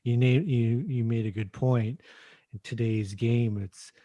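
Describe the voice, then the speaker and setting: A man hosting a podcast in casual chat, speaking haltingly with many fillers. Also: medium pitch, steady tone, mellow, no room sound, dull audio. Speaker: podcast host.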